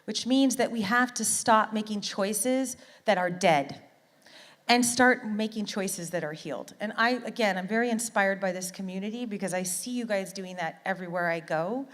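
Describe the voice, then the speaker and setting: A woman's voice: medium pitch, moderate pace, a bit bright, big-room sound. A middle-aged woman from Canada giving an earnest, heartfelt motivational talk as a conference speaker, often repeating words for emphasis.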